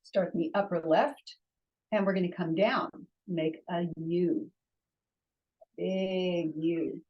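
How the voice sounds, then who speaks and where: A woman's voice: fairly low pitch, slow pace, muffled recording, a little hiss or hum. A woman teaching a lesson, patiently walking through how to write each letter stroke by stroke. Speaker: Hebrew teacher. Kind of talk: step-by-step lesson on writing letters.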